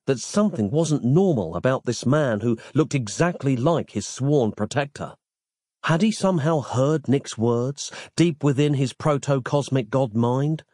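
A man reads a fantasy novel aloud with theatrical flair, his voice rising and falling in a lively way. The recording is close and dry, with no room sound. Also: mid-range voice, no room sound. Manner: expressive, theatrical storytelling. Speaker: narrator. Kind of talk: scripted audiobook narration.

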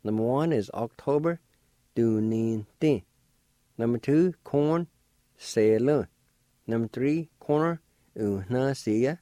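Male radio language teacher, patient and encouraging, with a low-key, mellow voice and very slow, careful delivery. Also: dry recording. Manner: slow, careful spelling out and sounding of words.

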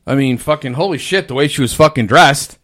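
A man in casual conversation, swearing freely and telling stories about his fast food job, mimicking the voices of the people in them. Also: on the high side, animated, a bit bright. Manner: profane storyteller, mimics people in shifting voices. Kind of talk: casual chat.

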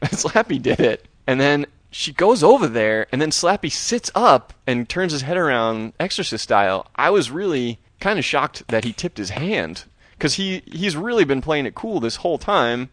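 A man co-hosting a podcast, casually retelling a horror episode with lively, acted-out quotes. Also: mid-range voice, moderate pace, dry recording. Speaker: podcast co-host. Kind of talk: casual recap chat.

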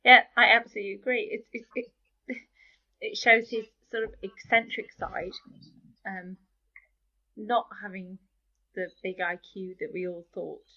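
Female podcast panelist, enthusiastic, gravelly voice, dull lo-fi audio. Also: medium pitch, fairly even intonation, a little slow. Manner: enthusiastic, agrees a lot. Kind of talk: casual chat. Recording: dull lo-fi recording.

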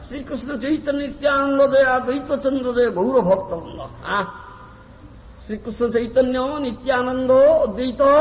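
Emphatic high-voiced man. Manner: emphatic, repeats phrases, asks "understand?". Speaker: spiritual teacher. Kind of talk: devotional lecture. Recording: echoey, dull lo-fi recording with faint noise.

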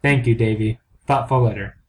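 A man's voice: medium pitch, steady tone, normal speed, a loud crowd. Male podcast co-host; playful teasing, loose joking banter. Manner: riffing, teasing, mock-dramatic announcer bits. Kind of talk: casual banter.

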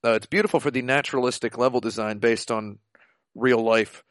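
Excitable rambling male podcast co-host on a video call, dry sound. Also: medium pitch, fairly quick, dry recording. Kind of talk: casual chat. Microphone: online video call.

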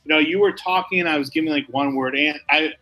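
Man co-hosting a comedy podcast, bright forceful tone, mock-serious rambling, faint music. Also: on the high side, brisk, rough recording. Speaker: podcast co-host. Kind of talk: casual comedic chat.

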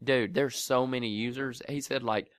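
Speaking at a moderate pace in a medium pitch, a podcast co-host is heard in studio quality with no room sound. He's animated in casual chat, acting out voices as he tells a story and laughing a lot.

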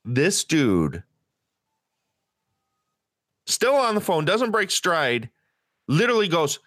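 A man co-hosting a podcast, telling a story in casual, profane chat and acting out the people in it with loud, high-pitched quotes. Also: huge pitch swings, slow pace, no room sound, clean studio sound. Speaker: podcast co-host.

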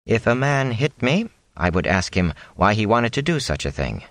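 A man voicing a gentle traveling elder from a storybook, patient and formal, in a slightly raised version of a deep voice that still rises and falls freely. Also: very animated, normal speed, no echo.

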